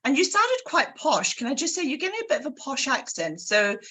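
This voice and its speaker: A woman hosting a book club, giving an energetic motivational talk straight to her listeners. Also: high voice, brisk. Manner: energetic, addresses listeners directly.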